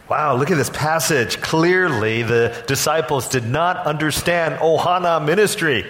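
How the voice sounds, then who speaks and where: A senior pastor preaching a sermon in church, telling the story with lively acted-out voices. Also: male voice, medium pitch, a little slow. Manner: animated storytelling, acts out quoted voices. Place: church sanctuary.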